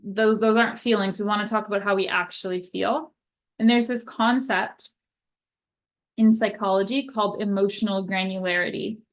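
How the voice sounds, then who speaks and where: A woman's voice: medium pitch, steady tone, normal speed. A young woman occupational therapist explaining communication skills in a casual, conversational way, often checking in with "right?" and acting out example phrases.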